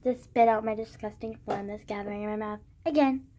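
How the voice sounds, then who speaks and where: A woman's voice: medium pitch, fairly even intonation, brisk, warm tone, a little hiss or hum. A teenage girl vlogging while congested with phlegm, retelling her school day in a dramatic rant full of swearing. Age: teens. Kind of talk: casual rant.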